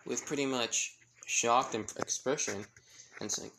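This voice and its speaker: Man, casual story narration, rambling, lots of fillers, vocal fry, middle pitch. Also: measured pace, a bit bright, slight background noise. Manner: rambling, many fillers and self-corrections. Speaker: fan fiction storyteller.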